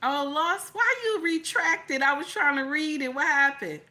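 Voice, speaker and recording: Bright-voiced sassy woman chatting live. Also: high voice, a little slow. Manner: sassy, teasing, chatty with loud laughing outbursts. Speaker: live stream host reading chat. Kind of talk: casual live chat.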